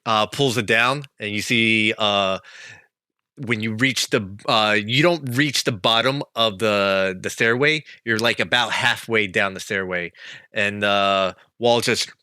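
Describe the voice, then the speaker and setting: A man narrating a tabletop game as game master, halting with many fillers. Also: lowish voice, pushed and bright, clean tone, no echo.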